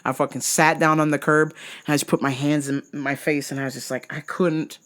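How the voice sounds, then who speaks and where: A vlog host telling a profane travel story, animated and laughing often, jumping into acted voices. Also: brisk. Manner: acts out voices with big pitch jumps. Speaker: vlogger host. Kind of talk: casual storytelling rant.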